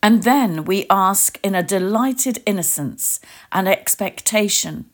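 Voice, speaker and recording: A woman giving a reflective sermon, leading listeners through a gentle guided imagining in short, meditative phrases. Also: medium pitch, expressive, slow pace. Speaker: preacher.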